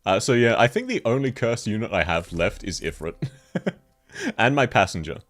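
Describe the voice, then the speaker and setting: A man's voice: fairly low pitch, big pitch swings, moderate pace, a bit bright. A man with a cold, chatting casually on a livestream, reading chat and laughing often. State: sick with a cold. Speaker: VTuber streamer.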